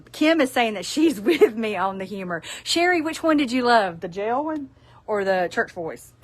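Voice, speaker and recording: This is a middle-aged woman from South Alabama with a Southern accent, hosting a relaxed live sales stream. She chats to her viewers in a folksy way, with frequent laughs and asides. Her voice sits at an ordinary middle pitch. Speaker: store owner presenting products.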